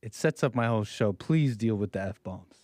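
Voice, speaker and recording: Jokey man reacting with lively voice. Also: fairly low pitch, moderate pace, heavy background noise. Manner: jokey, mocking, mimics voices. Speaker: streamer reacting to videos. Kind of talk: casual reaction commentary.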